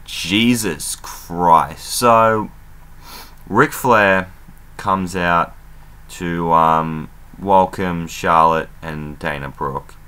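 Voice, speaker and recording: A man casually recapping a wrestling show as an excitable fan, chatty and loose, with plenty of fillers and some swearing. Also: sits low, drawn-out words, clean tone.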